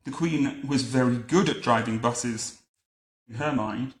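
A man's voice: mid-range voice, measured pace, reverberant. Dry-witted man reading a storybook aloud. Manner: dry, wry asides. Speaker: reader to a child.

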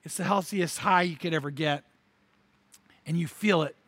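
An older man delivers an energetic sermon in a high, bright voice. He often repeats words for weight and lets his emphasis rise as he goes. The sound is close and dry. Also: moderate pace, no echo. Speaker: pastor.

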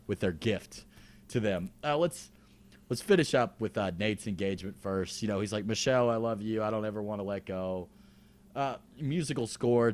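A man co-hosting a podcast, talking in a laid-back, wry way with frequent restarts. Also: fairly low pitch. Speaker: podcast co-host. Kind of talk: casual recap chat.

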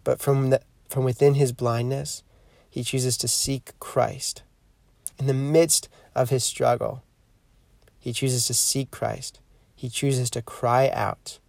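A man hosting a podcast, giving a reflective spiritual teaching in a measured, earnest way that slows down to stress key points. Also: medium pitch, vocal fry, a little mellow, no room sound. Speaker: podcast host.

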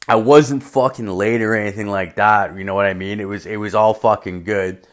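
A man's voice: lowish voice, fairly even intonation, moderate pace. A young man telling a rambling work story in a casual rant, swearing constantly and leaning on "like".

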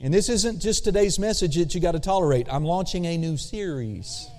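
His voice sits high, with a darkish tone and plenty of expression. Preaching as pastor in a church sanctuary, he stretches out key words slowly and invites call-and-response, all under long church reverb.

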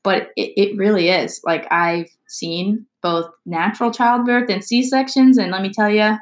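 Animated, laughing woman nurse. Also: mid-range voice, unhurried. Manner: animated, laughs often, swears. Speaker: nurse, co-host. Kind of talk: casual podcast chat.

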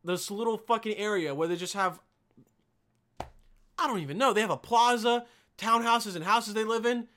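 Swearing a lot and addressing listeners as "dude" and "man," a young man from Bosnia rants animatedly on his casual one-man podcast. He talks at a normal speed in a high-pitched voice, leaving long pauses.

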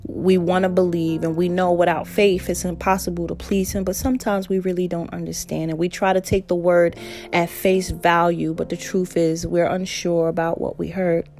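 A woman's voice: fairly low pitch, flat delivery, moderate pace, a little mellow, soft background music. A woman preaching a sermon, reading scripture aloud and speaking from the heart.

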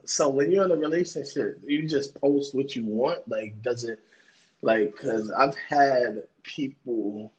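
A man's voice: mid-range voice, unhurried, breathy edge, dull audio. A man co-hosting a podcast in casual chat, laid-back and giving relationship advice. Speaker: podcast co-host.

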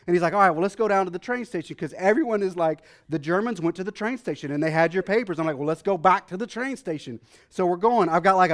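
A pastor whose voice sits high preaches a sermon that begins with an excitable story of his travels, acting out each person he met. It then settles into calmer teaching on the Bible.

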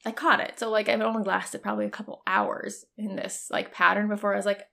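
A woman's voice: medium pitch, little pitch movement, a little fast, vocal fry, bright, forceful tone. A woman in her thirties telling a personal story in a casual, candid way, full of "like" fillers and the odd swear word. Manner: chatty, frequent "like" fillers, candid with swearing and laughs.

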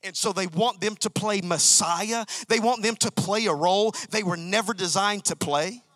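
A man's voice: high-pitched, moderate pace, fairly bright tone, no echo. A male pastor preaching a sermon, emphatic and repetitive, calling out to members of his congregation. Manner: emphatic, repeats key phrases, calls out to congregation.

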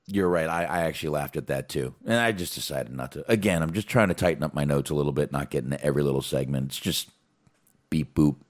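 A man with a very low voice talks in a casual, rambling way on a podcast. His pitch swings widely as he gets animated. He swears freely and fills gaps with ums. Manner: profane, animated, rambling with fillers. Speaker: podcast co-host. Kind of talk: casual wrestling recap chat.

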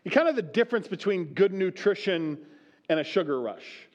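A pastor reads scripture aloud, then explains it conversationally, repeatedly asking the room "right?" His high, sing-song voice moves at normal speed, and the recording's highs are cut off.

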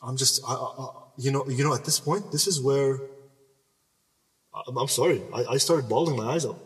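A podcast guest with a medium-pitched voice, speaking a little fast, tells a personal story in conversation. He's animated and emphatic, repeating words and restarting, recorded with a distant mic in a reverberant room.

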